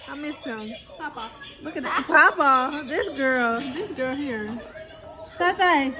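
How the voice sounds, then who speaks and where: High-voiced woman vlogging at home. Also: takes it slowly. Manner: excitable, cooing baby talk to children. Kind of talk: casual home vlog. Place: at home, indoors.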